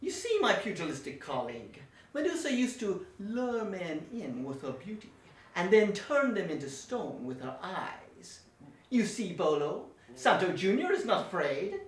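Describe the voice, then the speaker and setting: A woman's voice: medium pitch, big pitch swings, a little slow. A woman voicing a pompous, theatrical villain professor who insults her henchman. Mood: scheming. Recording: echoey room, distant mic.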